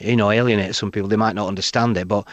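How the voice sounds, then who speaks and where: A man's voice: lowish voice, very fast, no echo, dull audio. A middle-aged man with a Northern English accent, a comedian telling anecdotes in a radio interview. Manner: animated, acts out quoted voices. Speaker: comedian guest. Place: radio studio.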